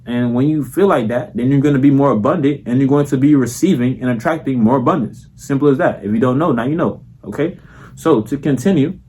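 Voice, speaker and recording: A man's voice: mid-range voice, a little mellow, a little hiss or hum. A young man with a Florida accent, talking casually and profanely to camera as a content creator, full of slang and filler tags. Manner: slangy and profane, repeats "you feel me".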